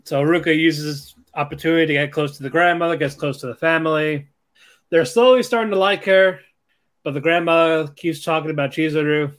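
A man's voice: on the high side, fairly even intonation, a little fast, fairly bright tone. A man co-hosting a podcast, casually recapping episodes in a rambling way, swearing and laughing as he acts out characters' lines. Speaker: podcast co-host.

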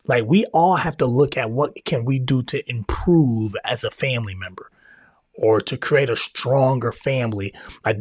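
A man talks in a loose, slangy, repetitive way, like a podcast host sharing faith and family thoughts. His voice is husky and sits at an ordinary pitch. The recording is dry and close. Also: darkish tone, dry recording. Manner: conversational, slangy, repeats himself, sometimes drops into prayer. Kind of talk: casual faith-based family talk.

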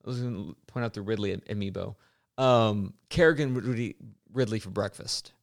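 A man's voice: lowish voice, fairly quick, creaky. A man in casual conversation about video games, rambling, restarting his sentences and laughing often. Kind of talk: casual gaming chat.

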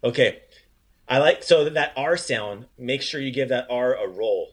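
A man's voice: mid-range voice, husky. Upbeat man teaching phrases on a podcast. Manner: upbeat, encouraging, repeats phrases slowly. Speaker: language teacher, podcast host. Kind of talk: casual podcast language lesson.

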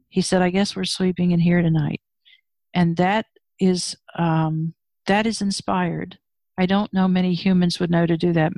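A woman with a slightly low voice recounts her life frankly, moving between raw emotion and wry humor. The sound is dry and close, with no room around it. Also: dry recording. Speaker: interview guest. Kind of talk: personal storytelling in conversation.

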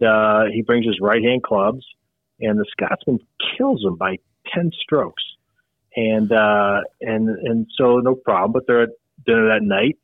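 A man's voice: mid-range voice, no echo, phone-quality sound. An older man telling golf jokes in a chuckling, folksy way on a casual podcast call. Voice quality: chuckling, folksy joke delivery. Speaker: guest joke teller. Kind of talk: casual storytelling.

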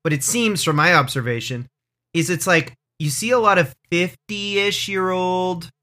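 A man's voice: high-pitched, unhurried, pushed and bright. A man co-hosting a comedy podcast, chatting loosely and joking with his co-host. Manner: loose, rambling, jokey. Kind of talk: casual comedy podcast chat.

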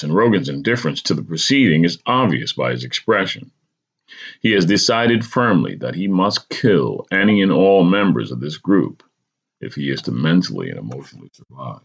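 A man hosting a podcast, narrating a dramatic story in a measured storytelling voice, on a slightly dull recording. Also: extremely low pitch, vocal fry. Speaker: podcast host.

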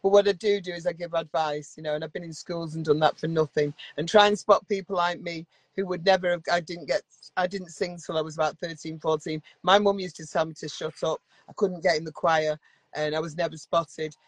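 A woman's voice: sits low, fairly even intonation, fairly quick, dry recording. Mancunian woman, middle-aged, interview guest. Blunt, dry-humoured, swears freely, close dry sound. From Manchester, England. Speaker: guest singer. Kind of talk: casual interview chat.

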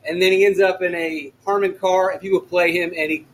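Podcast host, male, young adult, very high voice, loud and excitable, frequently shouts. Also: a little fast, slight background noise, poor audio. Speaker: fantasy sports podcast host. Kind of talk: solo podcast talk.

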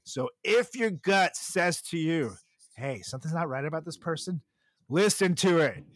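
Lively, animated man hosting a comedy podcast. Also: a little high, normal speed, dry recording, studio quality. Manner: animated, jokey, laughs often. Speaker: podcast host. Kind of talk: casual comedy podcast chat.

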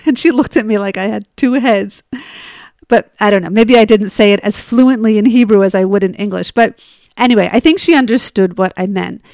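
A woman coach telling a personal story and drawing a lesson from it, in an animated way with frequent laughter. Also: medium pitch, moderate pace, no echo, clean studio sound. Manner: animated, acts out dialogue, laughs often. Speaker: coach on getting unstuck. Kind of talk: storytelling monologue with advice.

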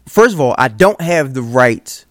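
A man's voice: medium pitch, expressive, measured pace, dry recording, studio quality. A man co-hosting a podcast in casual chat, arguing his point earnestly with frequent restarts. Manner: earnest, argues with repeated stumbles. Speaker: podcast co-host.

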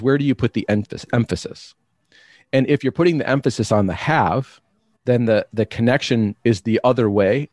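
Man, interview guest, low-pitched, reflective, restarts sentences, dry close recording. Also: a little mellow, dry recording. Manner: reflective, explanatory, frequent restarts. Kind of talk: conversational interview.

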